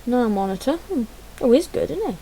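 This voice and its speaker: A woman's voice: a little high, very animated, a little fast, mellow, a little hiss or hum, low-quality recording. A woman giving chatty, self-deprecating gameplay commentary, muttering to herself as she fumbles through menus. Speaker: gaming channel host.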